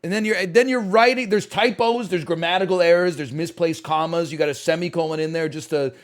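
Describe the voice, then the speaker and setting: A man's voice: on the high side, a little fast. A man streaming and chatting casually, rambling, sarcastic and profane, with frequent stammers and restarts.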